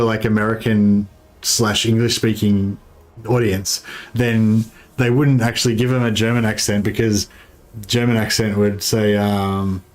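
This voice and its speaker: A man with an Australian accent chatting casually on a game livestream, rambling, swearing freely and often trailing off mid-thought. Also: mid-range voice. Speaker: game streamer. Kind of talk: casual livestream chat while playing.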